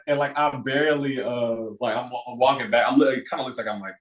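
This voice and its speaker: A young man, a football player, chatting as a guest and telling stories with laughs, raising his voice high to act out quotes. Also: steady tone, brisk, highs cut off. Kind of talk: casual interview chat. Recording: roomy echo.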